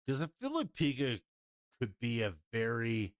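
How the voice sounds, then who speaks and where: A man's voice: medium pitch, huge pitch swings, unhurried, no echo, clean studio sound. A man chatting casually to his livestream audience in a blunt, rambling, profane way. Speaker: streamer.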